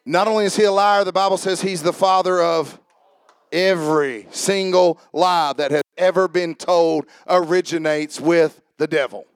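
A high-voiced man preaches in a church, talking quickly and rising into loud, shouted peaks. His voice is close and dry, with little room sound. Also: steady tone, clean tone, no room sound. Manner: fast, building to shouted climaxes. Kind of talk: sermon. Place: church sanctuary.

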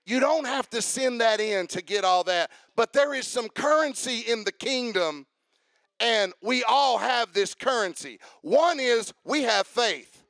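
High-voiced emphatic male preacher. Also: animated, a little slow, dry recording. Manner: emphatic, repetitive, breaks into shouted proclamations. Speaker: pastor. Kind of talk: sermon. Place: church.

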